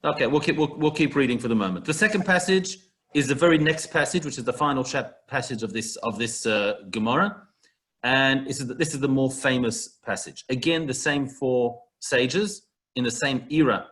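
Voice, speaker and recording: Man, relaxed teacher, conversational, explaining text, video call audio. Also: mid-range voice, moderate pace. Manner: conversational, explains with everyday local comparisons. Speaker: Talmud teacher. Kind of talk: online text study class.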